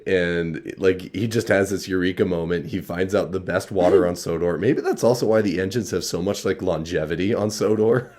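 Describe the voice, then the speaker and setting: A man's voice: sits low, normal speed, darkish tone. A man co-hosting a podcast in casual chat, laid-back and amused. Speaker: podcast co-host.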